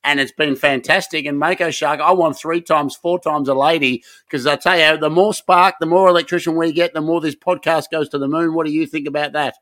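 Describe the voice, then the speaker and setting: A man co-hosting a podcast, jokey and excitable, rambling between topics. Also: a little high, a little fast, few pauses, dry recording. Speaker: podcast co-host. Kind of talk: casual podcast chat.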